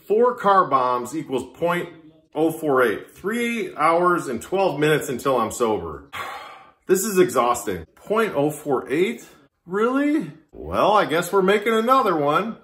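A man's voice: fairly high pitch, big pitch swings, a little slow, bright, forceful tone. A man vlogging casually to camera, chatty and self-mocking as he talks to himself. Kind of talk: casual drinking vlog. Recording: echoey room with music behind. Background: Irish music playing.

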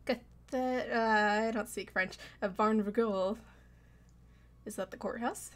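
A woman's voice: fairly high pitch, steady tone, unhurried. A young adult woman chatting casually as a streamer, giggly and reactive while she plays. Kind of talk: casual gameplay commentary.

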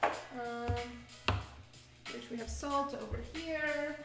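A woman's voice: sits high, slow, creaky. A woman streaming herself cooking, chatting casually and giggling as she talks through each step. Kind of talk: casual chat while cooking. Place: home kitchen. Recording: echoey room, faint background music.

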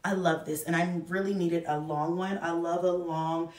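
A woman's voice: on the low side, flat delivery, moderate pace, distant mic. An effusive woman in her thirties chats to camera about a shopping haul, calling out to viewers as y'all. Her voice bounces around an echoey room and sits a little back from the mic. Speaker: vlogger reviewing a shopping haul. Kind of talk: casual chat to camera.

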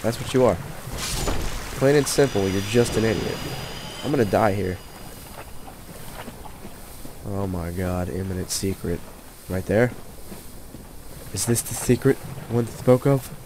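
Measured and darkish in tone, a low-voiced man leaves long pauses as he narrates his let's play despite being sick. He talks quietly and grumbles insults at enemies out of frustration, with slight background noise behind him.

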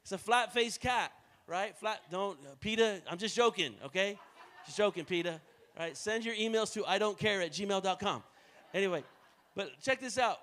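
At a moderate pace, an American pastor delivers a sermon that swings from soft, low stretches to loud, climbing appeals to his congregation. He sprinkles in playful jokes along the way.

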